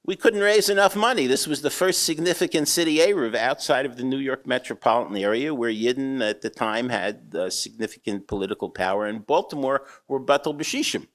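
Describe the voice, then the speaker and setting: An older rabbi giving a humorous storytelling talk, with a wry manner and acted-out characters. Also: male voice, mid-range voice, brisk, few pauses, a bit bright. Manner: wry, anecdotal, acts out characters. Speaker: rabbi and eruv builder speaking.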